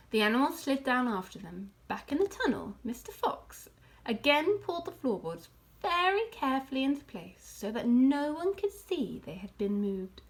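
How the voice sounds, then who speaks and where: A woman reading a children's book aloud in an expressive, animated way. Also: high voice. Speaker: storyteller.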